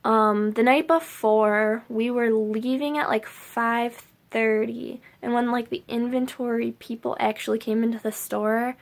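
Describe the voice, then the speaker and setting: A woman's voice: a little high, fairly even intonation, a little slow, vocal fry, hardly any pauses. A young woman vlogging to camera, rambling casually with lots of filler words.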